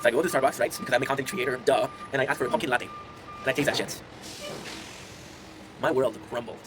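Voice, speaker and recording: A man's voice: mid-range voice, fast, over music, poor audio. A man in his twenties, a content creator, chatting casually to his viewers and telling rambling stories, laughing often. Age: 20s. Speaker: content creator streaming to chat.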